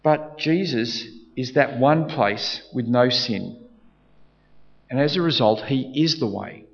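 A man preaching a sermon, earnest and repetitive, often restarting his sentences to press a point. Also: mid-range voice. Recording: dull reverberant hall sound.

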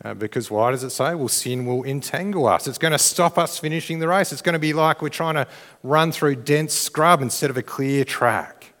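A man's voice: a little high, normal speed. A man preaching a sermon in a conversational, earnest way, often restarting his phrases. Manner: conversational, restarts phrases, rises to shouted crowd cheers. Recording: long reverb of a church hall.

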